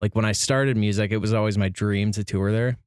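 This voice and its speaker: A man talks in a slightly low voice, laid-back and loose, swearing casually and saying "dude". His voice is recorded close and dry. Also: steady tone, brisk, a little mellow, smooth, no echo. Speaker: podcast co-host. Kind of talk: casual podcast chat.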